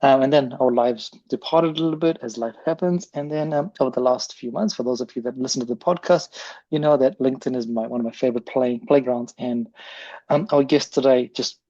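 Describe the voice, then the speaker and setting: A man's voice: mid-range voice, brisk, mellow, dry recording, highs cut off. A man hosting a podcast, chatty and rambling with frequent restarts. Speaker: podcast host. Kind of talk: casual podcast interview.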